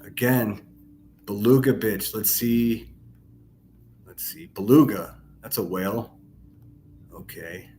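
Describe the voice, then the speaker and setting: A man's voice: lowish voice, takes it slowly, pauses often, a little mellow, a little hiss or hum. A man hosting a reaction commentary, mocking and sarcastic, with heavy profanity. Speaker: commentary channel host.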